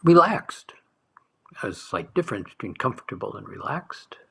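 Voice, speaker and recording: A man leading a guided meditation talk as a spiritual teacher, speaking softly and slowly, lingering on words and sometimes dropping to a whisper. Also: on the low side, sing-song, creaky, slightly rough. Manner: soft, slow, dwelling on words, dropping to whispers.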